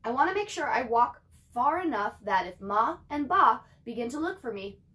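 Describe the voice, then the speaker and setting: A woman's voice: fairly high pitch, expressive, moderate pace. A woman reading an earnest, determined young girl. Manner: earnest, quietly resolved.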